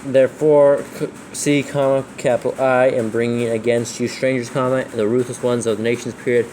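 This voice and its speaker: A man proofreading scripture aloud, reading slowly and calling out every comma, quote and capital letter. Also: medium pitch, little pitch movement, a little mellow, slight background noise. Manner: reads slowly, spelling out punctuation and capitals. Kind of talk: dictating text with punctuation.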